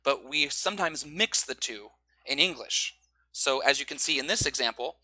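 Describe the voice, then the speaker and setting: A man teaching English pronunciation, explaining stress and rhythm and drawing out example phrases slowly. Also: medium pitch, pushed and bright, dry recording.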